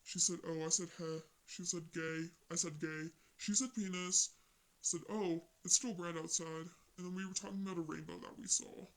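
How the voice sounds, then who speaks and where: Young vlogger, casual storytelling, slangy, rambling, mid-pitched voice. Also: steady tone, normal speed, a bit bright, rough recording. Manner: slangy, rambling retelling of text chats.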